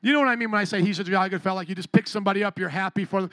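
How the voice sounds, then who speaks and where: High-voiced animated male pastor. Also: rapid-fire, few pauses, no room sound. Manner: animated storytelling, talks to the congregation. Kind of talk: sermon. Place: church.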